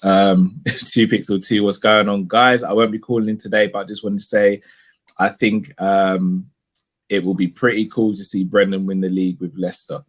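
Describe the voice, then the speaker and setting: A low-voiced man co-hosting a casual fan show, reading viewer comments aloud. He talks in an easygoing way, filling gaps with hesitant ums. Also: level tone, normal speed. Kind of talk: casual football banter.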